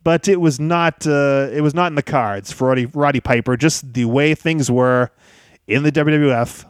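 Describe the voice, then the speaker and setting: A man hosting a podcast in a lively, chatty monologue, joking and laughing as he talks. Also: medium pitch, smooth, dry recording, clean studio sound. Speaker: podcast host.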